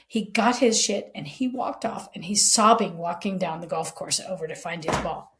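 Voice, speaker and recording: A middle-aged woman tells a story on a podcast in a lively, unfiltered way, and she swears freely. She acts out each person in the story with shifting voices. Her pitch sits in an ordinary middle range. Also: moderate pace, hardly any pauses. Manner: animated storyteller, acting out quoted lines, frank and profane. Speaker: podcast co-host, former police chief. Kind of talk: casual storytelling chat.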